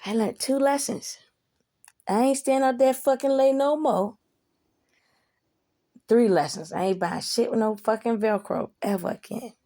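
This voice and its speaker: Woman, storytelling, casual, swears constantly, rambles, keeps checking in with the listener, higher voice. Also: measured pace, pauses often, dark tone. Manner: profane, rambling, asks listener "you know?".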